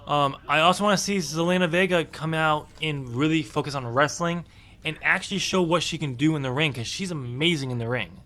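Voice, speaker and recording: A man's voice: on the high side, brisk, pushed and bright. A man co-hosting a wrestling podcast in casual chat, opinionated and chatty, with frequent ums. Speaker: podcast co-host.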